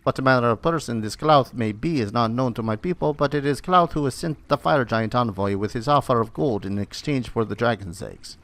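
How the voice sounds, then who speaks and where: A man's voice: medium pitch, fairly quick, hardly any pauses, fairly bright tone, lightly acted. A man reading the lines of a proud captive barbarian warrior woman in a formal, solemn tone with a put-on accent. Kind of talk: reading game dialogue aloud.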